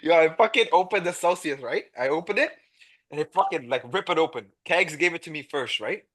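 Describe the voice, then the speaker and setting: An excitable young man tells stories in a casual podcast chat, his voice bright and sharp-edged and sitting a little high. He swears freely and jumps into acted-out quotes. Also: fairly quick. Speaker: podcast guest.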